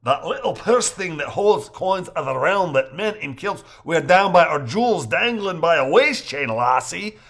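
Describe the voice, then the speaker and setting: A man's voice: high voice, lively intonation, fairly quick, few pauses, fairly bright tone, pitched above the performer's own voice. A man doing a teasing young guy in mock brogue. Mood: mock-Scottish. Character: teasing young man putting on Celtic accents.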